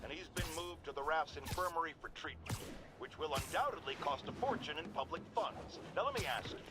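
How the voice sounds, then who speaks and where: A blustering male radio pundit from a video game, voiced by an actor, indignant and sarcastic. His voice sits a little high and swings widely as he rants. Music plays clearly behind him. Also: expressive, brisk, close to an everyday voice. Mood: ranting. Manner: ranting, sarcastic. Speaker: radio talk host in a game. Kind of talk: game voice acting.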